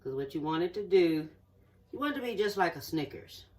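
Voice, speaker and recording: Fairly quick and darkish in tone, this mid-range voice has lively intonation as a home cook demonstrates a recipe in their kitchen. Each step is explained in a folksy, talkative manner with frequent "okay?" prompts to the audience, and the speaker is far from the mic.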